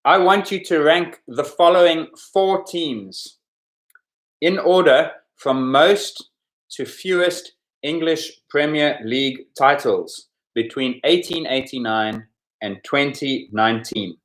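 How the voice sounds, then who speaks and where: Speaking slowly in a fairly bright voice on the high side, a man runs a sports quiz podcast through a podcast microphone. He chats casually while explaining the answers, adding conversational asides.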